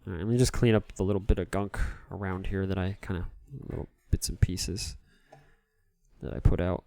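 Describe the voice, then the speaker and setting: Low-voiced man rambling on a stream. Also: steady tone, brisk, vocal fry, dark tone, no room sound. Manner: rambling, self-deprecating, laughs often. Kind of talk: casual live-stream chat while cleaning a console.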